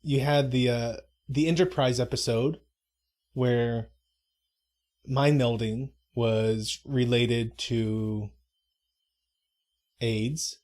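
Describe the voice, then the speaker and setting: A man's voice: medium pitch, steady tone, very slow, long pauses, a little mellow. A man co-hosting a live stream, rambling casually with self-interruptions and mock-dramatic asides. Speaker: stream co-host. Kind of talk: casual live commentary chat.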